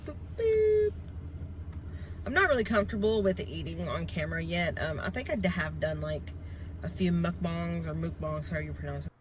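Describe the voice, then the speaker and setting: A woman's voice: low voice, quick pace. A woman vlogging casually from a car, rambling with frequent hesitations. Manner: rambling, hesitant with many ums. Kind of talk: casual vlog chat. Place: inside a car at a drive-through. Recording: vlog clip with loud car noise.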